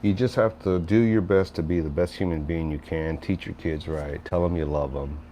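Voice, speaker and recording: A deep-voiced middle-aged man chatting loosely on a livestream, rambling from one thought to the next as he answers his viewers. A faint hiss sits under his voice. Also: fairly even intonation, moderate pace, dark tone. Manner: rambling, conversational, reads chat aloud. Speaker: livestream host. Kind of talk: casual livestream chat.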